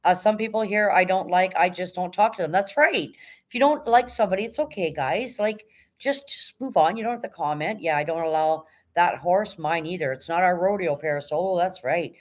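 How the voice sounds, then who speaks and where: Low-voiced woman hosting a livestream. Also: brisk. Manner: firm but polite, moderating and reading out chat. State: tired. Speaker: livestream host. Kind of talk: casual livestream chat.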